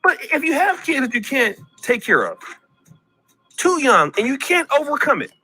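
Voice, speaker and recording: A man's voice: very high voice, very animated, normal speed, bright, forceful tone, soft background music. A man hosting a commentary vlog, ranting in a preachy way, repeating himself and calling out people by name.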